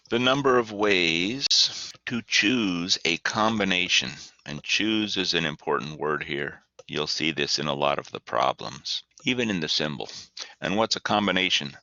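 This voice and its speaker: Male math teacher, very low voice with a bright edge, folksy lecture delivery, dull dry lo-fi recording. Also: animated, moderate pace, no room sound. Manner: chatty, folksy asides, acts out student dialogue.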